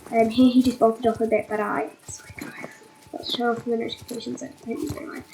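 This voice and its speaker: A woman who is sick and sounds croaky, rambling through a casual vlog voiceover with lots of fillers. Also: fairly high pitch, a little mellow, slight background noise, poor audio. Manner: rambling, full of "but yeah" and "um". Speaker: vlogger.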